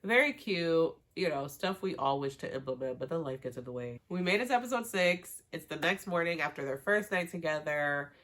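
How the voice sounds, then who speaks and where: A woman with a lowish voice talks through a show recap like she's chatting with a friend. She's slangy and animated, drops the odd swear, and keeps the storytelling loose and personal. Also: fairly quick, few pauses. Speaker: TV recap vlogger.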